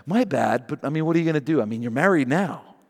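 A man's voice: a little high, lively intonation, quick pace, darkish tone. Preacher guy doing smug sarcastic laban, smirky trickster, echoey hall.

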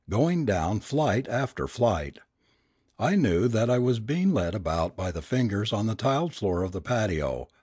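Man, audiobook narrator, dramatic reading, lively intonation, dry close recording. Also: fairly low pitch, slightly rough, no room sound. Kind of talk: audiobook narration of a first-person ghost story.

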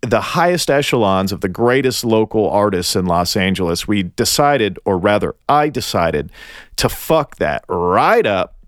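Animated teasing man, deep voice. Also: a little slow, dry recording, studio quality. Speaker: podcast co-host. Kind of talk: casual chat. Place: Los Angeles area.

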